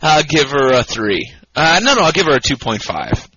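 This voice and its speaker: Brief: drunk male podcast co-host, brassy bright tone, profane rambling, somewhat dull home recording. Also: fairly high pitch, normal speed, husky. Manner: profane, rambling, loud and excitable. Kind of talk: drunk casual podcast banter. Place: home podcast setup, Michigan.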